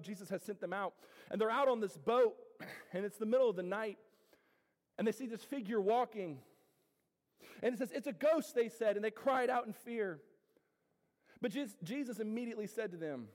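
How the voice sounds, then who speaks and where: A man preaching a sermon to his congregation, swinging from loud declarations to hushed, drawn-out lines. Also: sits high. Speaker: pastor. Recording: reverberant hall.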